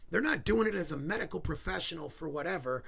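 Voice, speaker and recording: A man's voice: fairly high pitch, lively intonation, fast talker, gravelly, fairly bright tone, breathy edge. A man hosting his own video, ranting angrily with sarcastic asides and swearing. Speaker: video host. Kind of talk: angry ranting commentary.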